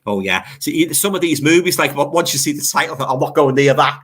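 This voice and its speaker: An older Scouse-accented man from Liverpool hosts a casual livestream chat, reading out viewer comments. His voice is fairly high and a bit bright, with lively intonation and a slightly fast pace, and he chats away, repeating phrases and fillers.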